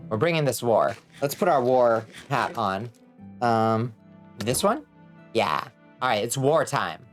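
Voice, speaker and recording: A woman streaming a game, chatting casually, reading chat and swearing a lot when excited. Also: a bass voice. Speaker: vtuber streamer.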